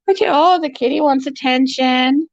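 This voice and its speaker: A woman's voice: high-pitched, normal speed, no room sound. A woman talking baby talk to her pets, cooing in a sing-song way as she hosts her pet vlog at home. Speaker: pet channel host. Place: indoors at home among animal cages. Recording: dull lo-fi, dry sound.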